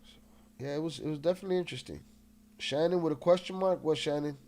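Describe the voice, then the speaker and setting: A man's voice: fairly high pitch, fast, a little mellow, slight background noise. A man hosting a casual livestream, restless and agitated, swearing often and greeting chat members, with a slightly nasal voice. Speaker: livestream host.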